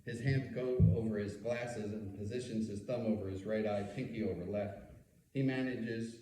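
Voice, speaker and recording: A man's voice: on the low side, fairly even intonation, moderate pace, warm tone, slight background noise. A man in his fifties from New York City, a rabbi reading his memoir aloud with a wry storytelling delivery and asides. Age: 50s. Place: meeting room. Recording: echoey room, mic far off.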